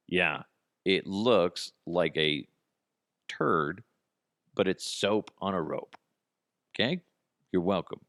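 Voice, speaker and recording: A man's voice: low-pitched, no echo, studio quality. A man hosting a comedy podcast, rambling through a casual monologue with frequent asides and free swearing. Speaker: podcast host.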